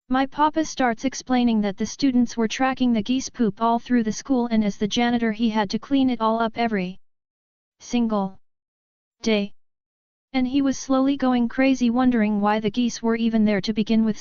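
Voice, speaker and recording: Woman, story narrator, even read-aloud delivery, fairly high voice, slightly dull lo-fi sound. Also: clean tone, no echo. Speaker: narrator reading online posts.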